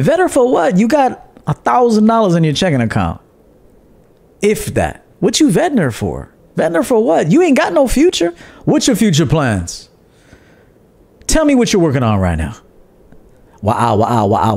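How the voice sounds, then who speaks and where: A man's voice: high voice, darkish tone. Brash, profane male livestream host. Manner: brash, profane, laughs often, reads out viewer donations. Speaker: podcast host and dating coach. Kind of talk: casual livestream monologue.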